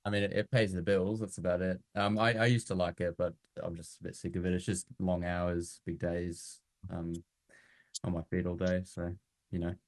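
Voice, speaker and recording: Deep-voiced laid-back man. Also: flat delivery, moderate pace, no echo. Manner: laid-back, mumbled, blunt, swears. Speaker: roleplay prospect. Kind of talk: sales call roleplay.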